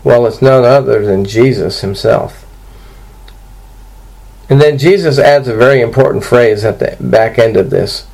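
A man preaching an expository sermon to his congregation, earnest and steady, walking through scripture verse by verse. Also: mid-range voice, unhurried, vocal fry, rough recording. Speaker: pastor.

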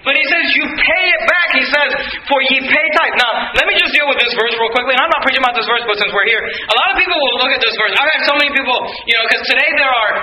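A man preaching a sermon as pastor, emphatic and building to shouts on key points. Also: extremely high pitch, quick pace, hardly any pauses, echoey room, slight background noise, poor audio.

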